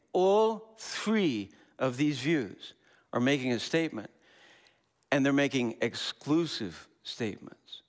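A man's voice: mid-range voice, slow pace. A man, a Christian pastor, preaching a sermon. He tells a story and lifts his voice when he quotes others. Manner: animated, slips into quoted voices.

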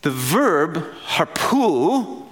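A man's voice: on the high side, sing-song, drawn-out words, a bit bright. A man giving a sermon in a casual, playful teaching manner, laughing as he explains. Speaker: pastor.

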